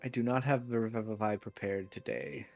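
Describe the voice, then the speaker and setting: A man's voice: medium pitch, steady tone, fairly quick, creaky, darkish tone, soft background music. A man playing in a tabletop game, speaking dryly with some hesitation. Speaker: player.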